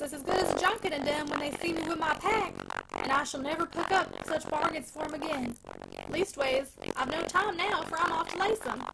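A sly, humble country packman coaxes and pleads in a broad rustic dialect, swooping wildly up and down as he talks, as a woman reader puts him on. His voice is gravelly, over loud background noise, for a storybook reading. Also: high-pitched, heavily acted.

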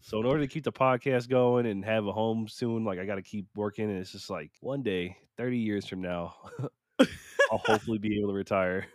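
A man's voice: fairly low pitch, a little fast, no echo, clean studio sound. A man, co-hosting a podcast in casual chat, rambling and poking fun at himself. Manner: rambling, self-mocking, acts out what he told himself. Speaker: podcast co-host.

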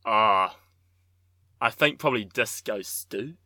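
A man's voice: fairly low pitch, takes it slowly, sharp tone, no room sound. A man with a New Zealand accent co-hosting a podcast, cheeky and jokey with plenty of slang. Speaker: podcast co-host. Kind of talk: casual banter.

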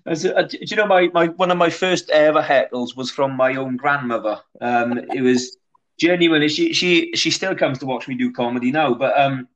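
A man's voice: medium pitch, normal speed, fairly bright tone, poor audio. A Welsh man, a comedian guest, telling rambling anecdotes in casual podcast chat with frequent restarts. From Wales.

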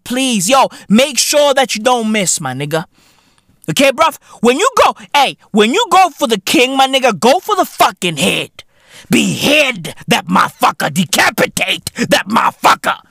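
A man's voice: very high voice, creaky, fairly bright tone, no echo, studio quality. A man from South Africa hosting a podcast, delivering a profane, comedic rant full of slang. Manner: profane, ranting, heavy London-style slang. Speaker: podcast host.

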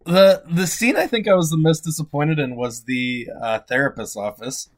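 A man co-hosting a podcast, telling amused stories in a relaxed, casual way. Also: fairly high pitch, moderate pace. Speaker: podcast co-host.

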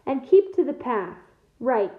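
A woman reading aloud to her class and voicing a gruff, commanding half-giant gamekeeper with blunt country speech, in an echoey room heard over a thin, phone-like line. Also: sits high, very animated, unhurried. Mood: instructing.

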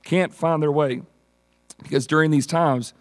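A man preaching a sermon and telling stories in an animated way, acting out the characters. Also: a little high, a little slow. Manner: animated storytelling, acts out characters. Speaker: pastor.

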